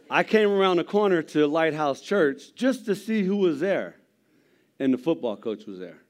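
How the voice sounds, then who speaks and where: Gruff middle-aged man preaching. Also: on the high side, sing-song, unhurried. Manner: gruff, storytelling with humor. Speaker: lay preacher giving testimony. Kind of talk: sermon testimony. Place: church.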